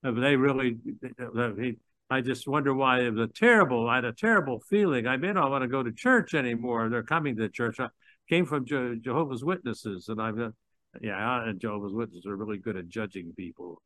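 A man's voice: mid-range voice, brisk, a bit bright, no echo. Older man preaching, dry close sound. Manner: conversational, rambling with restarts and chuckles. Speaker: pastor. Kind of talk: sermon.

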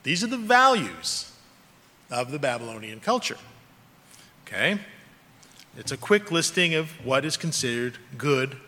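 A man's voice: medium pitch, big pitch swings, unhurried, long pauses, bright, forceful tone. A man preaching a sermon as a pastor, earnest and emphatic, with rising and falling stress. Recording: long reverb of a large hall.

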